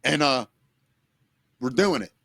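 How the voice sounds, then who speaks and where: A man co-hosting a podcast, speaking earnestly and emotionally, close to tears, with halting restarts and swearing. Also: medium pitch, expressive, gravelly, sharp tone, no room sound. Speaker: podcast co-host.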